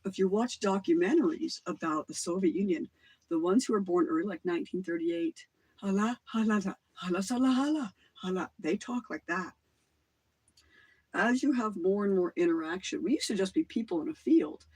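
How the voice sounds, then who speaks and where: Middle-aged livestream host, husky and lively, rambling and casually profane. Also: medium pitch, moderate pace, poor audio. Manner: rambling, swears casually, jumps between claims.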